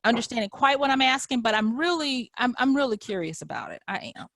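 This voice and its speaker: A woman's voice: a little high, animated, fairly bright tone, no echo. Curious woman interviewer, dry sound. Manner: curious, probing, with repeated words and quick backchannels. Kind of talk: conversational interview.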